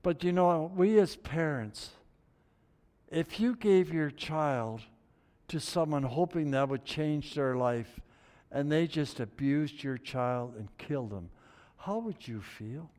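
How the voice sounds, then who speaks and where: A male pastor delivering a sermon, emphatic, rising to loud exclamations and dropping to hushed near-whispers, in a church sanctuary. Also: a little high, slow pace. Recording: long hall reverb.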